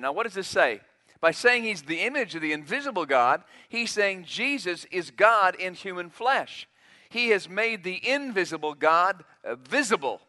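A man's voice: sits high, lively intonation, normal speed, bright, forceful tone. A man preaching a sermon, emphatic, acting out quotes in a raised voice. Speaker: pastor.

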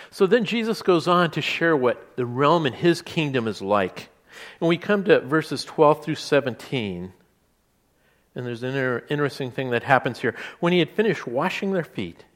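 A man preaching a sermon in a relaxed, conversational way, with asides and restarts. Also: mid-range voice. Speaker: pastor.

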